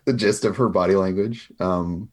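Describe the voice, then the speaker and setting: A man player in a tabletop role-play who speaks in a laid-back, slow way. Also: low-pitched, steady tone, darkish tone.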